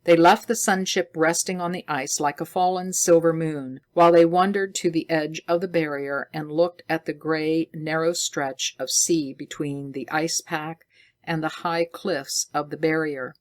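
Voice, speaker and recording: A woman reading a science fiction story aloud slowly and deliberately for English learners. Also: low-pitched, fairly even intonation.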